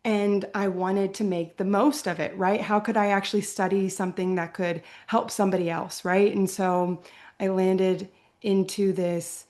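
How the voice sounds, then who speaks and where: A young adult woman from Virginia speaks as an interview guest in an earnest, reflective way. Her pitch sits in the middle range, and she often closes her thoughts with a soft "right?".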